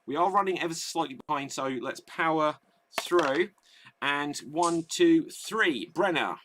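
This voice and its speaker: A man's voice: on the high side, a little slow, background noise. A man hosting a live online improv comedy show, reading out audience votes and setting up games. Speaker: host.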